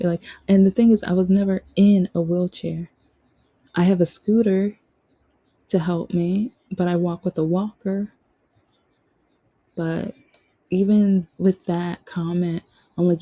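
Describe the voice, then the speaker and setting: Woman podcaster, casual rambling monologue with restarts; low-ish, husky voice. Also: fairly even intonation, slow pace, long pauses, warm tone, no echo, rough recording. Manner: rambling, with frequent restarts and quoted dialogue. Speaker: podcast host.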